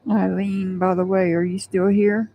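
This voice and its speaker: A woman hosts a live tarot stream and talks in an unhurried, drawn-out way. She rambles between readings, chats with viewers by name and laughs often. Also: medium pitch, flat delivery, dark tone. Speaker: tarot reader.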